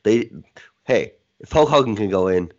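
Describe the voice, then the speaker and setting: A man's voice: lowish voice, lively intonation, moderate pace, a little mellow, lo-fi sound. A man co-hosting a casual podcast, teasing and wisecracking. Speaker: podcast co-host. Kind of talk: casual chat.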